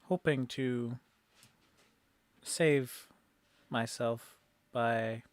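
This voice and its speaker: A man voicing an exhausted old male priest, who speaks slowly, softly and with resignation. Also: mid-range voice. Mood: weary. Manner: slow, soft and resigned. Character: weary old male priest seeking penance.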